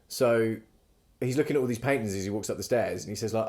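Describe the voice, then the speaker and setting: A man's voice: fairly low pitch, fast talker, darkish tone. Rambling, swearing man on a podcast. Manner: rambling, swears freely, acts out quoted lines. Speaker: podcast host. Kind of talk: casual chat.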